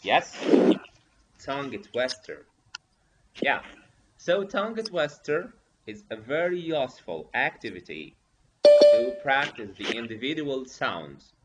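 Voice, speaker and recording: Man, online teacher, slow, lively pitch, dull lo-fi audio, faint hiss. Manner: slow, repeats prompts and coaxes participants. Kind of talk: online teacher training session.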